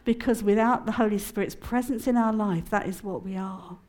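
A woman's voice: mid-range voice, fairly quick. Chatty woman sharing testimony. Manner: chatty and expressive, laughs often. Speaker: conference speaker. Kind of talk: personal testimony and teaching.

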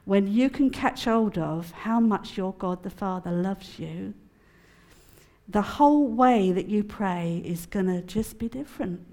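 A middle-aged woman preaches to a conference crowd, telling her story with lively emotion. She laughs easily, and her talk swings between bright excitement and hushed earnestness. Her voice sits at an ordinary middle pitch. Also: a little slow. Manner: animated and emotional, laughing often. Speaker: speaker at a prayer conference. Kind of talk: testimony-style sermon.

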